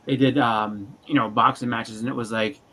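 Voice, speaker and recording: Bright-voiced rambling male storyteller. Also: medium pitch, steady tone, normal speed, a little hiss or hum, rough recording. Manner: rambling storyteller, acts out quotes in funny voices. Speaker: livestream co-host. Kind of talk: casual chat.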